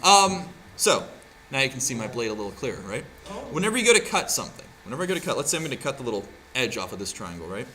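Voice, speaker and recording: A man's voice: mid-range voice, very animated, racing, pushed and bright. A man teaching a craft class in a casual, chatty way, often checking in with "right?" as he demonstrates. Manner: chatty, keeps asking "right?". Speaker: art teacher.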